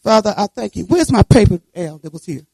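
A woman in her seventies preaching, telling a folksy personal story and breaking into fervent shouts of praise. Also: mid-range voice, expressive, fairly quick, creaky, slightly rough, no echo, poor audio. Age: 70s. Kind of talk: sermon testimony and prayer.

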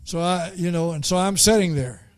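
A man preaching a folksy story, halting and repeating words as he goes. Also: sits high. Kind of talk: storytelling sermon.

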